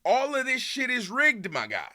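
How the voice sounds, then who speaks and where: A man streaming and reacting to a video in a heated, casual rant, swearing often and swinging between loud outbursts and low muttering. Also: wildly swooping pitch, moderate pace. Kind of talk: casual ranting commentary.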